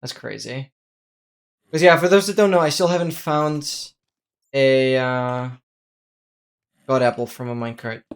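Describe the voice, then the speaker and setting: A game streamer speaks at a measured pace with long pauses and a medium pitch. Still excitable, they chat casually during live gameplay, exclaiming often and thanking viewers.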